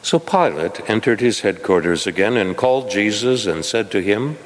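A man reading scripture aloud in a measured, solemn manner. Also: deep voice, animated, a bit bright. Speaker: scripture reader. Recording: long hall reverb.

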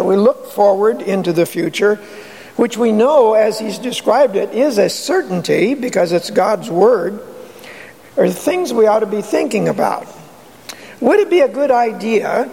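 High, gravelly-voiced pastor preaching in a hall. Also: male voice, a little mellow. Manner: earnest, rhetorical questions, emphatic. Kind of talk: sermon. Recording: long hall reverb.

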